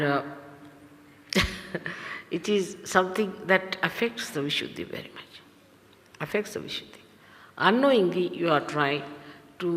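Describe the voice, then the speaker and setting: A woman with an Indian accent, a spiritual teacher giving an instructive, admonishing talk to her followers, pausing often with hesitations. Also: sits low, fairly bright tone, in a large hall.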